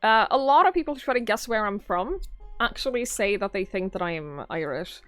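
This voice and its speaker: A woman's voice: medium pitch, expressive, moderate pace, fairly bright tone, no room sound. A young Norwegian woman streaming live and chatting with her viewers in a rambling, easygoing way, often laughing. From southern Norway. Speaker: livestreamer. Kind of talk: casual chat with viewers. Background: faint background music.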